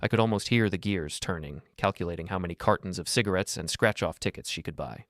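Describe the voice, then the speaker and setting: A man narrating a first-person story in a steady, measured reading voice. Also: sits low, no room sound, clean studio sound.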